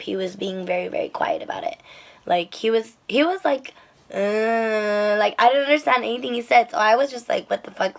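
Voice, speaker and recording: A young woman telling a rideshare-driving story to the camera in a chatty, animated way, with lots of fillers and swearing. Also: medium pitch, vocal fry. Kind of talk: casual storytelling vlog.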